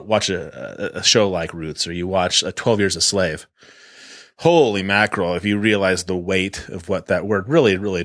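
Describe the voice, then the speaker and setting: A man's voice: sits low, no echo, clean studio sound. A middle-aged man, co-hosting a podcast and telling a story animatedly in casual chat. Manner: animated storyteller acting out scenes. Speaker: podcast co-host.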